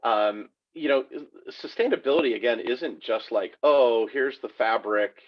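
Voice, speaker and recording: A man's voice: medium pitch, moderate pace, dull audio. A man hosting a casual interview chat, speaking loosely with many fillers. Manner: loose, full of "you know" fillers. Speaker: host.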